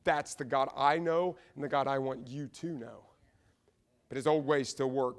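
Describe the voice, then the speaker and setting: A man with a Midwestern American accent preaching a sermon in a church, swinging from loud, emphatic repeated lines to hushed asides. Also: medium pitch, fairly even intonation, normal speed. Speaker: pastor. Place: church sanctuary.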